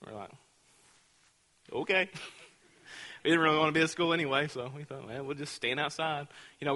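A man's voice: mid-range voice, sharp tone, in a large hall. A man preaching a sermon, telling a school story with acted-out voices before building to fervent preaching. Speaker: pastor.

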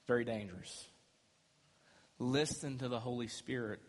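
Man, pastor preaching, fairly high voice, emphatic, long echo hall. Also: brisk. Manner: emphatic preaching, rising and dropping loudness. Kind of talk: sermon. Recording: echoey hall with long reverb.

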